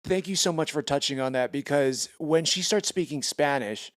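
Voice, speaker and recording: A man's voice: on the high side, moderate pace, no room sound, studio quality. A male podcast host talking with eager enthusiasm in a casual interview.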